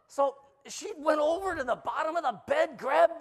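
A man in his fifties, a guest pastor giving a joke-filled sermon and teasing the crowd as a playful, animated storyteller. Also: very high voice, normal speed, gravelly.

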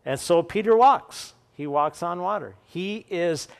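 A man's voice: high voice, animated, unhurried, vocal fry. A man preaching a sermon, explaining scripture and reading it aloud with dramatic lifts for the quoted voices, often repeating key phrases.

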